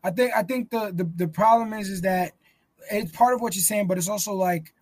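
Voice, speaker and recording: A man's voice: high-pitched, fairly quick, no room sound. A man co-hosting a podcast in casual chat, rambling and swearing freely. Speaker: podcast co-host.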